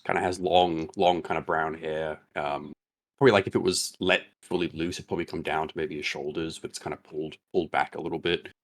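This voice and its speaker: A man's voice: rumbling low, steady tone, brisk. A man playing a tabletop game, rambling through a description of his character with many fillers. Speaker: player.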